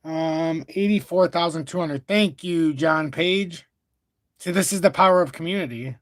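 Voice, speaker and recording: A man hosting a livestream, rambling as he works through charts and swearing freely. His voice sits a little high for a man and is picked up close and dry, with no room sound. He corrects himself and drifts off topic as he goes. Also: normal speed, no room sound. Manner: rambling, profane, self-correcting. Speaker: crypto livestream host. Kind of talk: casual livestream chart commentary.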